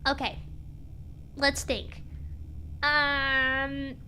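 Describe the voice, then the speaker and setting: A woman's voice: sits high, little pitch movement, very slow, bright, forceful tone, slight background noise. A young woman streaming a game, chatting casually, apologizing over and over and joking along. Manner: apologetic and playful, often repeats herself. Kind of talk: casual live-stream commentary.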